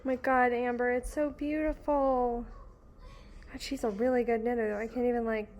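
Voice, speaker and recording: A young woman hosting a knitting vlog, gushing with excitement over handmade gifts in casual chat. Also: on the high side, moderate pace. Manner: gushing, effusive, exclamatory. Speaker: knitting podcast host.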